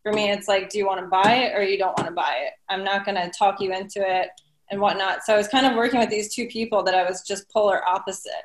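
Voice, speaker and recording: A woman's voice: medium pitch, steady tone, quick pace, roomy sound. A woman from New Jersey with a New Jersey accent, talking bluntly as a real estate guest. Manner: blunt and straightforward. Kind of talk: casual conversation.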